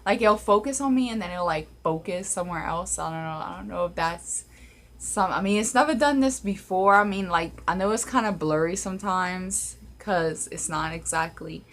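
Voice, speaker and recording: Speaking at a moderate pace in a voice on the low side, a young woman from Louisiana, USA recounts a paranormal story for her casual vlog. She rambles with plenty of fillers, and she records it on her phone camera.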